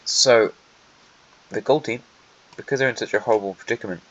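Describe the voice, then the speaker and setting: A man's voice: lowish voice, fairly quick, fairly bright tone. A man narrating an alternate history map in a casual, wry way, with dry joking asides that talk straight to the countries. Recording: lo-fi with faint hiss.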